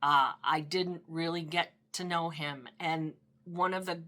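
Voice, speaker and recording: Older woman, low and bright voice. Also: steady tone, a little slow. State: a little teary. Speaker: interviewee, niece of a veteran. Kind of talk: documentary interview, reflective recollection.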